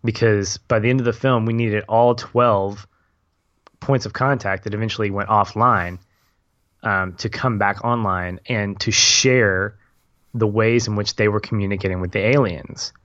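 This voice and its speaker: Low-voiced man talking films, lo-fi sound. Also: fairly even intonation, unhurried, fairly bright tone, no echo. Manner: thoughtful, rambling, laughs easily. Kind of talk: casual film discussion. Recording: dull lo-fi audio.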